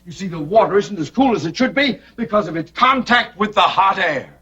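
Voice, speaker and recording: An actor playing a pompous, flustered bank president who blusters and stammers, on a muffled old TV soundtrack. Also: male voice, high-pitched, expressive, fairly quick, sharp tone, slightly rough, exaggerated voice. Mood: fussy.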